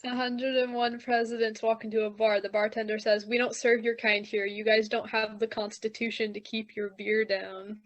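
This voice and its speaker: A woman's voice: a little high, level tone, moderate pace, hardly any pauses, muffled recording. A teenage girl telling improv one-liners with light, giggly delivery. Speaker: high school improv performer.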